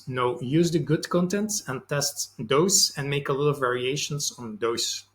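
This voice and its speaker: A man's voice: mid-range voice, fairly bright tone. A young man hosting a sales channel, giving loose, conversational advice with frequent fillers. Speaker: sales and marketing channel host. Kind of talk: casual advice monologue to camera.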